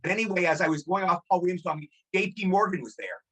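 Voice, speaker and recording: A man's voice: sits high, lively intonation, quick pace, bright, forceful tone. A man in his sixties, a guest actor telling rambling anecdotes in a casual interview and repeating himself.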